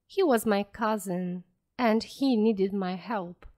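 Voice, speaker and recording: Slow clear woman reading a story. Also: medium pitch, warm tone. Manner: clear, careful and deliberate. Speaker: audiobook narrator. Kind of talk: slow graded-reader narration for learners.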